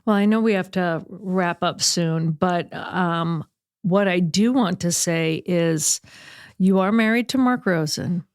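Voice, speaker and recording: A woman hosting a sports talk show, telling a personal story in an animated, chatty way with quick asides. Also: fairly low pitch, clean tone, no echo, clean studio sound. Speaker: radio sports talk host. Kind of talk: casual chat.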